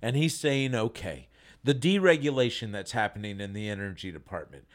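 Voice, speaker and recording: A man's voice: mid-range voice, lively intonation, fairly quick. A man in casual political chat among friends, sarcastic and rambling, often restarting his sentences.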